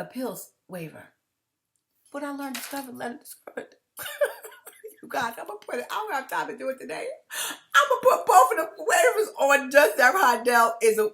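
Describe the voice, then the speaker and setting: A woman vlogging straight to her viewers in a casual monologue. She rambles with restarts and repeats, curses bluntly, and swings from loud laughing bursts to hushed tones. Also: a little high. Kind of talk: casual direct-to-camera monologue.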